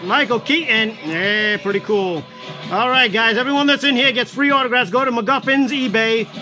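A man chatting loudly and rambling to live-stream viewers as he shows off collectibles for sale. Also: extremely high pitch, normal speed. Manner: loud, rambling, talks to viewers while showing items. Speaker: livestream seller of collectibles. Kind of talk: casual live-stream chat. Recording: music playing behind. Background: background music.

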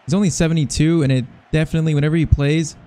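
A young man commentating his own football video game match, excitable, swinging from deadpan complaints to loud cheering. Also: fairly high pitch, racing. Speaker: gaming channel host.

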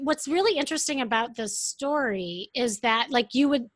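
A woman dating coach and therapist telling a client story in an interview, animated and full of fillers. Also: on the high side, moderate pace, hardly any pauses, dry recording.

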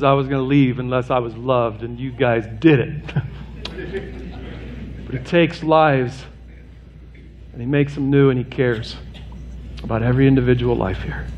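A man with a darkish tone preaches as pastor in a church sanctuary, earnest and direct, weaving plain humor into an increasingly urgent appeal that rises in pitch and intensity. The audio is dull, with slight background noise.

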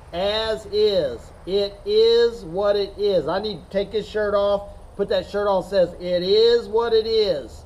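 A middle-aged man coaching chess in an unscripted talk to the camera, rambling and repeating his points with emphasis. His voice sits high for a man and he takes his time. A faint hum stays underneath the whole recording. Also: low-quality recording.

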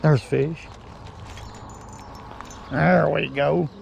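A man's voice: a little high, fairly even intonation, gravelly, a little mellow, lo-fi sound, a little hiss or hum. A man hosting a casual fishing vlog outdoors by a creek, talking in a folksy way to his viewers. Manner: folksy, slow drawl, talks to viewers as folks. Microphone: chest-mounted camera.

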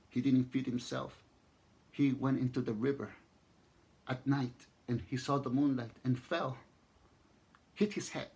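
A man with a Mexican accent narrates a legend at a relaxed pace. His voice sits in the middle range, and he often circles back and restarts his phrases as the story unfolds. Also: gravelly, slightly rough. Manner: unhurried, repeats and restarts phrases, voices the figures with rising pitch. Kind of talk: spoken storytelling.

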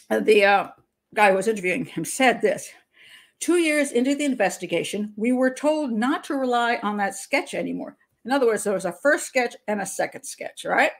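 An older woman hosting her channel, giving frank, opinionated commentary on a criminal investigation. She talks through restarts and laughs between points. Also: mid-range voice. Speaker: criminal profiler, channel host. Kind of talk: casual commentary monologue.

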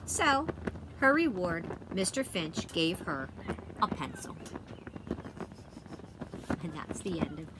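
Woman, storybook reader, lively inflection, lowish voice, outdoor wind and dog noise. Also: slow pace, long pauses. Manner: friendly, chatty with listeners. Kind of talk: reading a children's chapter book aloud. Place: outdoors by a fire. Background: wind and a barking dog.

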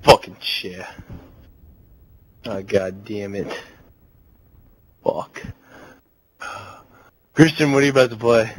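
A man's voice: on the low side, measured pace, long pauses, husky, low-quality recording. A drunk young man in casual gaming chat, giggling and rambling in a slurred voice. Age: young adult. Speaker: gamer on voice chat.

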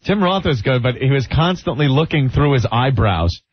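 A man's voice: medium pitch, animated, normal speed, slightly rough, dry recording. A male radio co-host in casual banter, making sardonic, jokey asides. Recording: dry, muffled lo-fi radio broadcast.

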